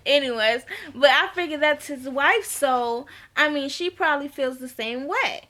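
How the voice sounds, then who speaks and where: A high, bright-voiced woman talking through a reality show episode in a relaxed, unhurried way. She is blunt and chatty, swears freely and slips into the voices of the people she quotes. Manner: chatty, acts out quoted dialogue, laughs often. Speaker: TV recap vlogger. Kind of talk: casual reality-show recap.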